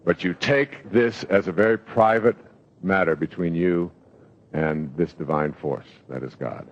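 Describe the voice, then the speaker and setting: An older man giving a motivational lecture, telling stories in a reflective way with pauses and fillers. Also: deep voice. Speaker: motivational speaker. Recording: dull lo-fi lecture recording.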